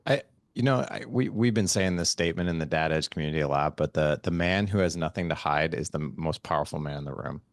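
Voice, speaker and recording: A man's voice: rumbling low, fast, no room sound, clean studio sound. A man hosting a podcast interview, telling a story with lots of laughter and quoted dialogue. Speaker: podcast host. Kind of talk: casual interview conversation.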